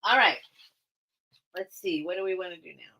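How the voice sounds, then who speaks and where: A woman's voice: lowish voice, moderate pace, bright, forceful tone, slight background noise. A woman hosting a casual live-stream sale, chatting and thinking aloud as she greets viewers by name. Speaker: live online sale host.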